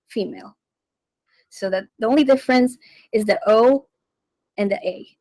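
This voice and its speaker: A woman hosting a radio language lesson, teaching slowly and patiently and repeating each phrase. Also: a little high, lively intonation, dry recording, poor audio. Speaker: radio language segment host. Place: radio studio.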